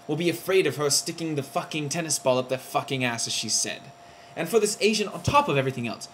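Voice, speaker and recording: A man in his own video blog, ranting indignantly straight to the camera. His voice sits a little higher than most men's and leaps up in sudden loud bursts of outrage. A faint hum of background noise runs under him. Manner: heated, outraged, with sudden loud jumps in pitch. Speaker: vlogger. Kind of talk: indignant vlog rant.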